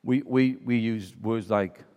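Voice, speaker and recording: A man's voice: mid-range voice, slow pace, dull audio. A man preaching a sermon and telling a story, acting out the voices of the people in it. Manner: storytelling, acts out quoted voices. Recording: preaching in a reverberant hall.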